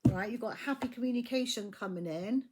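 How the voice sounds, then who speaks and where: A woman's voice: a little high, fairly quick, noisy background. A woman giving a casual tarot reading, blunt and profane, often repeating her phrases. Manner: blunt, swears freely, repeats herself. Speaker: tarot reader.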